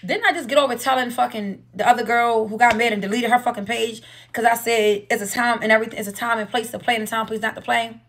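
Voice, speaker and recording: A woman hosts a live stream in a heated, casual chat, loud, profane and rapid-fire. Her fairly high voice has a gravelly, fried edge. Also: steady tone.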